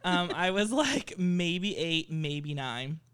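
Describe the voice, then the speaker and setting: Brief: podcast co-host, woman, smooth clear voice, self-deprecating, laughs easily. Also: on the low side, big pitch swings, slow, a bit bright. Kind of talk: casual chat.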